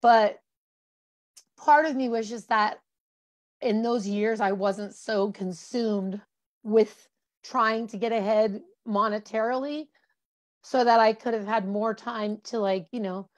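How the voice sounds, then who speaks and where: A woman's voice: on the high side, steady tone, takes it slowly. A woman in her forties, a guest reflecting candidly on her life, with many fillers and restarts. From Colorado, USA. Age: 40s. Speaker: interview guest. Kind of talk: candid personal conversation.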